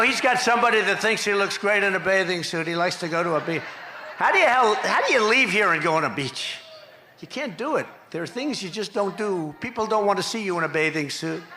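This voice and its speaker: An older man works a crowd at a campaign rally, boastful and repetitive, and shouts out his punchlines. His voice is slightly high and forceful. The sound rings with the echo of rally loudspeakers. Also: vocal fry, slight background noise. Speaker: political candidate at a rally. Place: outdoor rally stage.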